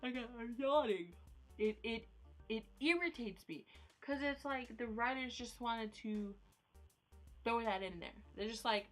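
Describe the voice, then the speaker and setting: In this home vlog shot on a phone, a young woman with a fairly high voice rants without hurrying, going over the same points again and sprinkling in plenty of "like"s. She sounds exasperated, and soft music plays underneath.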